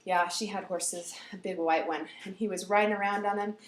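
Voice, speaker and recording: A woman telling a personal story aloud in an animated way, dropping to whispers and rising to loud outbursts. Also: medium pitch, fairly quick, echoey room, slight background noise.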